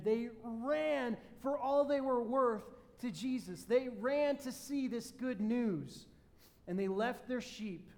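A man delivering a sermon in a high, light voice. He tells his stories with energy, jumping between loud enthusiasm and quiet, pointed moments. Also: slight background noise. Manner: animated storytelling, swings between loud excitement and quiet emphasis. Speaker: pastor.

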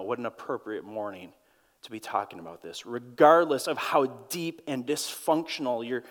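Minnesotan pastor preaching in a reverberant hall. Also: male voice, mid-range voice. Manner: earnest, storytelling, pauses and repeats words. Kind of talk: sermon. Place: church auditorium. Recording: long reverb of a large hall.

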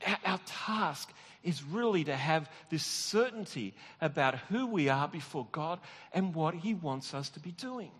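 Pastor preaching in an echoing hall. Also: male voice, a little high, lively intonation, a little slow, a bit bright, breathy edge. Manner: conversational, self-deprecating, with frequent restarts and laughs. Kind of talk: sermon with personal storytelling. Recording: long reverb of a large hall.

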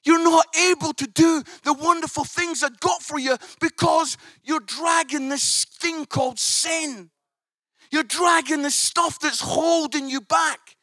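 Preacher doing God, patient, disappointed, slow, soft, British accent, dry close sound. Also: sits high, dry recording, voice pushed up.

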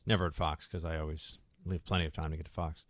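A man's voice: extremely low pitch, little pitch movement, fast talker, dry recording, studio quality. A man hosting a talk radio show, rambling through sarcastic asides in a casual monologue.

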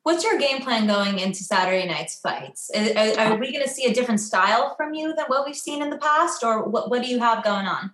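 A woman asking chatty, expressive questions as the host of an interview. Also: on the high side, brisk, hardly any pauses, reverberant.

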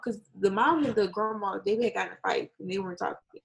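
A woman in casual chat, retelling a story with lively acted-out quotes, swearing and laughing often. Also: medium pitch, fast talker, gravelly, rough recording. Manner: animated storytelling, acts out quotes.

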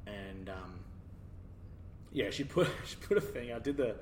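A man's voice: on the low side, unhurried. Man telling a story in a roomy room. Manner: animated, laughing while telling a mishap story. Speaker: podcast guest. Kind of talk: casual storytelling. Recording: roomy, distant, faint background noise.

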